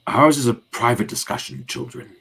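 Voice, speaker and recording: A man voicing a stern older male mentor who runs a school, read aloud with firm, measured authority. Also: mid-range voice, fairly even intonation, creaky, bright, forceful tone, husky, pitched above the performer's own voice, exaggerated voice.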